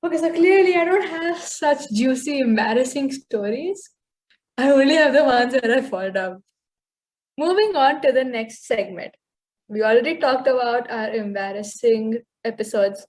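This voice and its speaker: A woman's voice: sits high, expressive, moderate pace, a little mellow. A teenage girl, co-hosting a podcast with playful, teasing banter. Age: teens. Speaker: podcast co-host. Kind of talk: casual chat.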